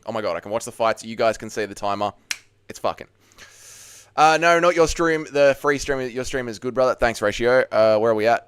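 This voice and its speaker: A male livestream host with a lively, up-and-down voice that stays smooth and clear. He talks loosely and swears often, answering chat messages one after another from a chair at home. The sound is dry, with no room echo. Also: mid-range voice. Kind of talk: casual live fight watch-along chat. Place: home, seated at a desk.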